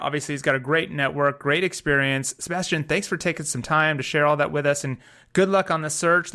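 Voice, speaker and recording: A man's voice: medium pitch, bright, forceful tone, clean tone. A man hosting a podcast, upbeat and friendly as he wraps up the interview. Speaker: podcast host.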